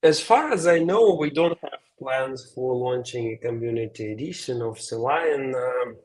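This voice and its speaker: A man answering audience questions as a guest speaker at an online meetup. He speaks carefully and hesitantly, pausing on uhs and repeating words, over a video call. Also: mid-range voice, darkish tone.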